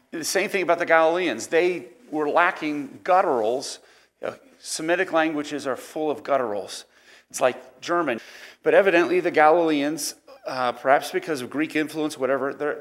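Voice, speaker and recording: A man with an East Coast American accent leads a Sunday school Bible lesson. His voice sits a little high, and he talks conversationally, wandering into asides and anecdotes. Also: normal speed, a bit bright. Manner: conversational, digressive, with fillers and asides. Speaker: Bible teacher.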